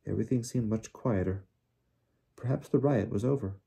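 Husky, dark-voiced male audiobook narrator. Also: lowish voice, normal speed. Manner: steady storytelling. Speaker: audiobook reader.

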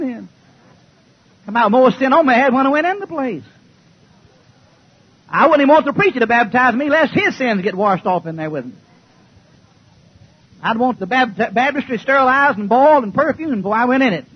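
Brief: male preacher, high and husky, folksy, joking, sometimes shouting, old lo-fi church tape. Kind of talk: fiery sermon. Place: church before a congregation.

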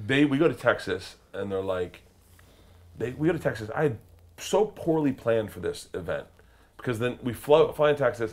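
A man telling a wild story as a guest, laughing and acting out quotes with sudden shouts. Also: mid-range voice. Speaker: comedian guest. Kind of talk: animated storytelling.

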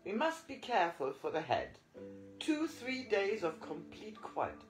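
A man's voice: high-pitched, big pitch swings, unhurried, faint music behind, voice pushed up, poor audio. A man voicing a jovial little male French country doctor who reassures with fussy good cheer. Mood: cheerful reassuring.

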